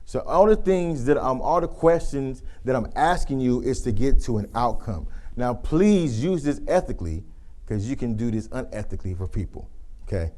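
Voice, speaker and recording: A man presenting a leadership communication workshop to a live group, telling animated stories and acting out the people he quotes. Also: medium pitch, moderate pace. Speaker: youth football coach.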